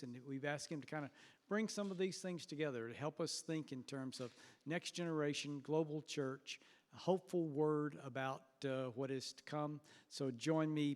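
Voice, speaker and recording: A man acting as conference host, introducing the next speaker in a warm, measured way with small fillers. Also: medium pitch. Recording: echoey hall PA.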